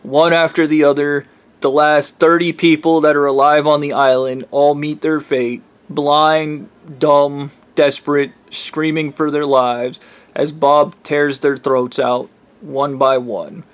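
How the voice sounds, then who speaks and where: A man's voice: fairly high pitch, flat delivery, slow, clean tone. A man telling a long story in a casual, rambling way, blunt and full of profanity.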